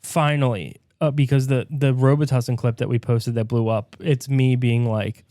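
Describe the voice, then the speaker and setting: A man co-hosts a comedy podcast with crude, rambling banter. His voice is mellow and warm, and it sits at a middling pitch. The sound is dry and close, recorded in a bedroom. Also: flat delivery, normal speed, dry recording. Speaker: podcast co-host. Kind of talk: casual comedic podcast chat.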